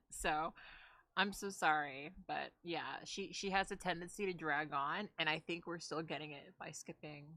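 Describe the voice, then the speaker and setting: Bright, low-voiced woman streamer. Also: normal speed, no room sound. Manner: chatty, laughing asides. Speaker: streamer reacting to a video. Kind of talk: casual live-stream commentary.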